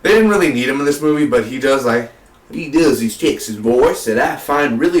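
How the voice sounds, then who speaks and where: A man's voice: mid-range voice, animated, a little fast. Rambling man, roomy and distant. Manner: rambling, fillers, keeps saying "man". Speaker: movie reviewer. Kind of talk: casual vlog movie review.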